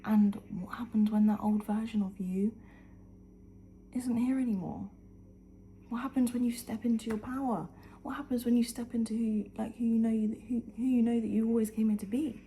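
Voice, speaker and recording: A woman's voice: on the high side, steady tone, moderate pace, dark tone, a little hiss or hum. A woman at home in the early morning, talking earnestly to camera in a motivational vlog and often dropping to a whisper. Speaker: vlogger. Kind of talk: heartfelt motivational talk to camera.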